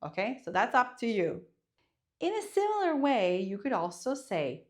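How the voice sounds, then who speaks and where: Lively Italian-accented woman teaching. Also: fairly high pitch, moderate pace. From Italy. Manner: expressive, emphatic, demonstrates intonation. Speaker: language teacher. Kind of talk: online language lesson.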